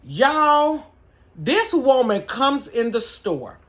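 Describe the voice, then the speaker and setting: A middle-aged woman who manages a store tells a casual storytime vlog from her bedroom, chatty and animated, talking straight to her viewers. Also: high voice, drawn-out words.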